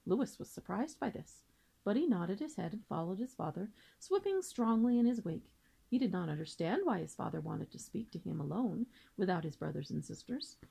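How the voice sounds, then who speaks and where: A woman teacher reading a children's book aloud with gentle, steady storytelling. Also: mid-range voice, normal speed, vocal fry, breathy edge, poor audio.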